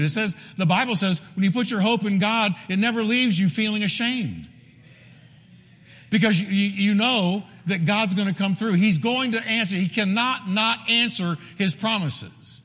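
A man preaching a sermon as pastor, emphatic and repetitive, with sudden drops to a hushed voice. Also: high-pitched, moderate pace. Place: church sanctuary. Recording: long reverb of a large hall.

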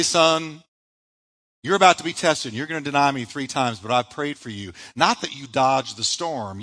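A male pastor delivers a live sermon with a bright, forceful tone. His voice swings widely in pitch and rises in emphatic bursts over repeated refrains. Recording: live church sermon audio.

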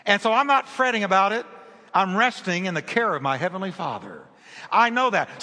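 Lively high-voiced preacher. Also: male voice, long reverb tail. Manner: animated storytelling preacher, repeats phrases for emphasis. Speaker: pastor. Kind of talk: sermon.

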